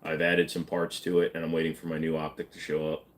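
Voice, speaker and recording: A man's voice: extremely low pitch, completely flat delivery, fast. A man hosting a live stream, casually reading and answering chat questions in an offhand, joking way.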